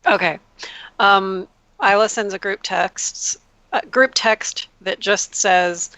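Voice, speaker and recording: A woman's voice: mid-range voice, takes it slowly, sharp tone, no room sound. A woman playing a tabletop game, stating her character's actions in a matter-of-fact way. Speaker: player. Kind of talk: casual chat at a game table.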